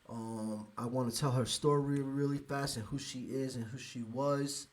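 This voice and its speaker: A man from the United States hosting a live podcast, speaking emotionally with halting restarts and sighs. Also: medium pitch, steady tone. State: emotional, close to tears. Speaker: podcast host.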